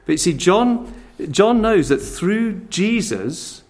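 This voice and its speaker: A man preaching a sermon in a church, animated, acting out quick dialogues and chuckling at his own jokes. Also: high voice.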